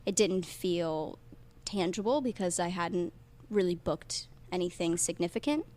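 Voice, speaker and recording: A young woman from Ohio, a guest on a podcast, telling stories in a casual, animated way with frequent laughs. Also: lowish voice, a little slow. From Ohio, USA. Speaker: guest actor.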